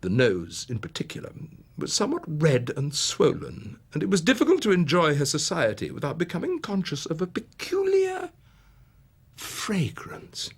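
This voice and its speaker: A man narrating in a theatrical one-man storytelling style. His husky voice ranges widely, dropping into whispers and climbing to ringing exclamations. His voice sits slightly high for a man. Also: wildly swooping pitch, normal speed. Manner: dramatic, swinging from whispers to rising exclamations. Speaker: narrator and performer.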